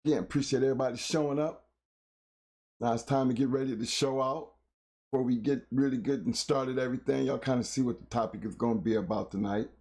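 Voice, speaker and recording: Hoarse middle-aged man hosting a live talk show. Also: mid-range voice, fairly even intonation, fast, darkish tone. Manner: loose, rambling slang-heavy talk with many fillers. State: hoarse from illness.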